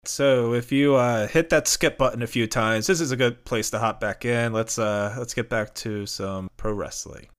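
A man hosting a podcast, telling a story in a relaxed way with frequent fillers. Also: medium pitch, normal speed, few pauses, clean tone. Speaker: podcast host. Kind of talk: casual narration of a story.

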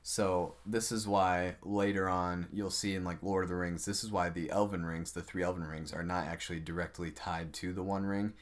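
A man with a low voice talks through lore in a loose, rambling way. He co-hosts a casual podcast and drops playful jokes between his explanations. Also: level tone, normal speed, few pauses. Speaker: podcast co-host. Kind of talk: casual chat.

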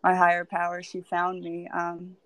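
A woman's voice: on the low side, monotone, moderate pace, a bit bright, no echo. A woman sharing her personal story as a podcast guest, candid and emotional, with lots of "like" and "um.". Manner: candid and emotional, heavy with "like" and "um" fillers.

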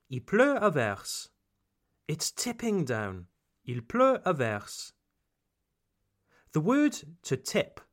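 Slow, animated British man teaching English. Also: fairly high pitch. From Britain. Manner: slow, emphatic, teacherly, drawing out example phrases. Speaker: English teacher, podcast host. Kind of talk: scripted language lesson podcast.

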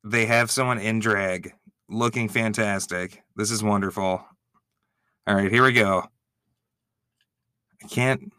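A man giving excitable, gushing reaction commentary, swearing freely as he reacts. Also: on the low side, slow pace, long pauses, clear, resonant tone, no echo, clean studio sound.

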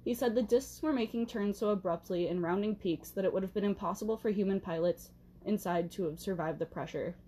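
A woman's voice: mid-range voice, a little fast, dark tone, a little hiss or hum. A woman hosting a podcast, narrating history in a casual way, with chatty asides and self-corrections, speaking into a handheld mic. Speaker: podcast host. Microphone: handheld mic she has to hold still.

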